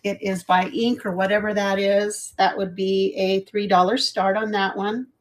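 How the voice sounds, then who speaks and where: A woman's voice: medium pitch, little pitch movement, normal speed. A middle-aged woman hosting a casual live jewelry sale, chatty and rambling, laughing at her own fumbles. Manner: chatty, rambling, self-deprecating. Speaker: live jewelry auction host. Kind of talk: casual live selling chat.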